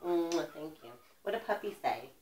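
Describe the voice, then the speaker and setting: A woman's voice: low-pitched, animated, moderate pace, a little mellow, reverberant. A woman reading a picture book aloud to a toddler in a coaxing, sing-song voice with exaggerated baby talk. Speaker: parent.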